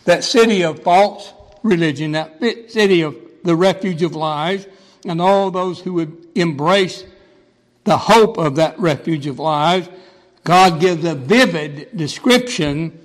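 A man's voice: on the high side, measured pace, big-room sound, poor audio. A man pastor preaching a sermon, stressing points with emphatic repetition.

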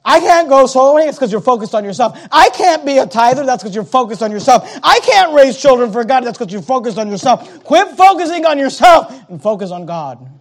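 A male preacher delivers a sermon in a dramatic way. His delivery swings between loud declarations and hushed asides. His voice sits very high for a man. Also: big pitch swings, fairly quick, hardly any pauses.

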